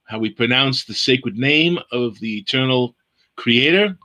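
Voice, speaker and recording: Bright-voiced man teaching scripture. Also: mid-range voice, animated. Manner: unhurried, explaining Hebrew letters and words aloud. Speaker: Bible study teacher. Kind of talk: online Bible lesson.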